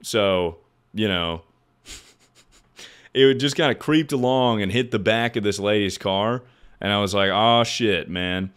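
A man in his twenties with a deep voice, a streamer rambling through stories in casual chat, swearing and laughing at himself. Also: slow pace, long pauses, fairly bright tone, clean tone. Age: 20s. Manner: rambling, profane storyteller who laughs at his own stories.

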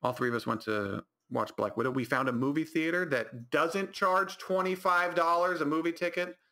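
Here the man's voice sits a little high, pushed and bright, at a moderate pace. He runs his own solo podcast out of the California high desert, spinning casual, meandering tales with lots of restarts and self-corrections.

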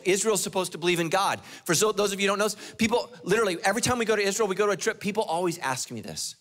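A middle-aged pastor delivers an animated sermon. His voice sits fairly high for a man, and he acts out the characters in the story. He fires questions straight at the congregation.

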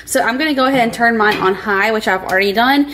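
A woman's voice: on the high side, quick pace, bright, forceful tone, a little hiss or hum. A young woman, chatting casually to viewers while she cooks in her home kitchen. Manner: chatty, addresses viewers as y'all. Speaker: cooking vlogger. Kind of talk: casual cooking vlog.

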